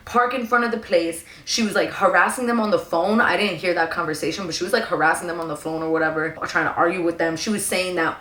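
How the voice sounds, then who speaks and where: Animated slangy New woman, echoey room. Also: lowish voice. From New York. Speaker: storyteller. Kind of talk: casual storytime monologue. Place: at home indoors.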